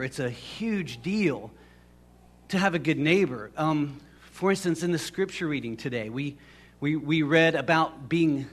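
A man preaching a casual, storytelling sermon, rambling and conversational with many restarts. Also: on the high side. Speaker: pastor.

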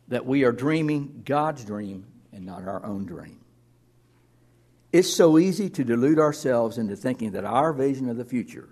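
A man's voice: mid-range voice, darkish tone. A man pastor preaching a sermon in an earnest way, reading scripture aloud and often repeating words as he restarts.

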